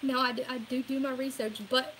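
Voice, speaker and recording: A woman with a Louisiana accent speaks in a high voice, rambling through a casual opinion vlog. She is earnest, says y'all a lot and laughs at herself now and then. A faint hiss runs under the recording. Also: little pitch movement, fairly quick, a bit bright, low-quality recording. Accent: Southern US, Louisiana. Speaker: political vlogger.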